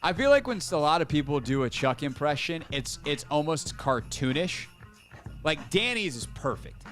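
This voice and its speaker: A man's voice: mid-range voice, fairly bright tone. A man hosting a sports radio show, chatting casually and laughing at himself. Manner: chatty, laughing, self-deprecating. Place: radio studio.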